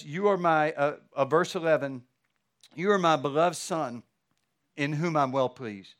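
A middle-aged male pastor with a notably high voice delivers a sermon. He preaches fervently, building to emphatic exhortations.

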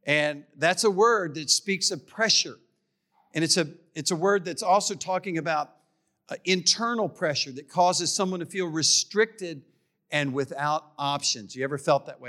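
A man's voice: a little high, normal speed, sharp tone. A middle-aged man preaching a sermon in a church, emphatic and repetitive, often tripping over his words. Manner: emphatic, repeats key phrases, stumbles on words. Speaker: pastor.

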